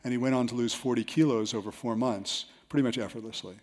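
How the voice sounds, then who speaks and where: A man presenting a seminar to a live audience. He tells self-mocking stories with lively energy. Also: medium pitch, fast talker. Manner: storytelling, animated, with self-mocking anecdotes.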